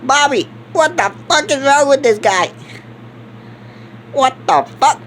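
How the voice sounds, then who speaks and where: A rowdy man role-playing a character in a game, swearing through excited outbursts. His talk runs slow and drawn out, with a faint hiss of noise behind him. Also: very high voice.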